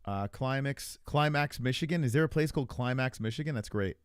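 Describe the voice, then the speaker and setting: A man's voice: mid-range voice, a little fast, smooth, dry recording, studio quality. A man hosting a live stream, chatting casually and crudely with his viewers while reacting to videos. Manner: loose, rambling, crude, talks to chat. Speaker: streamer host.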